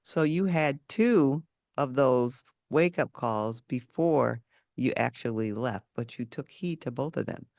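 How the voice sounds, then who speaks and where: A man hosting an interview, asking questions in a measured, affirming way. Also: mid-range voice, darkish tone, dry recording, highs cut off. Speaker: podcast host.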